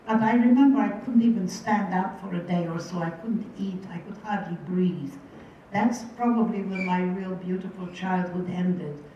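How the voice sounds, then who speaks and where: A woman's voice: lowish voice, moderate pace, a little hiss or hum. A woman in her eighties, a guest speaker, telling her personal story to an audience in an earnest, vivid way and repeating phrases for weight. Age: 80s. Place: large room with a live audience. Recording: distant, echoey, muffled hall recording.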